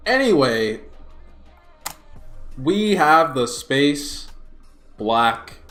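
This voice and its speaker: A young man ranting in a casual livestream, exasperated and swinging his pitch widely, recorded on a smartphone. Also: sing-song, very slow, a bit bright, faint music behind. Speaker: YouTuber streaming a watch party.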